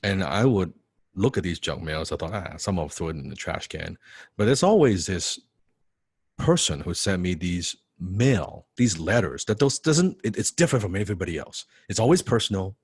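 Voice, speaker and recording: A man telling a personal story in a casual motivational talk, animated, often repeating his words and laughing. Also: sits low, normal speed, breathy edge, no room sound, studio quality. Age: young adult. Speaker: business coach.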